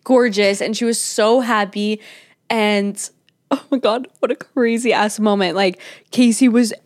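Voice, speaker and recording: A woman co-hosting a podcast, chatting casually and retelling reality TV scenes in a gossipy, animated way with frequent swearing. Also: mid-range voice, a little slow. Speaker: podcast co-host. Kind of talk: casual reality TV recap chat.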